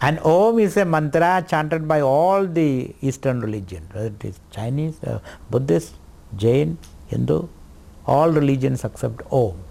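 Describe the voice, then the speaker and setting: Slow-spoken swami. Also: male voice, a little high, vocal fry, warm tone. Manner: slow, deliberate teaching with repetitions and light laughter. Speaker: swami teaching scripture. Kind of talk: spiritual lecture.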